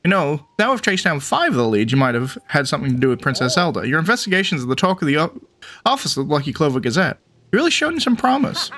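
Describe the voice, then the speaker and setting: A man's voice: on the high side, big pitch swings, fast talker, a bit bright. A man voicing an eager male bird reporter in a game, friendly and jumpy, who keeps calling the listener partner. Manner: upbeat, calls listener partner.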